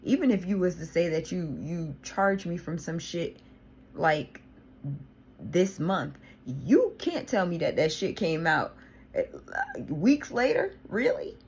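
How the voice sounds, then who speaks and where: A woman's voice: on the low side, lively intonation, slow, husky. A woman vlogger venting to her viewers in a casual diary style, exasperated and swearing freely.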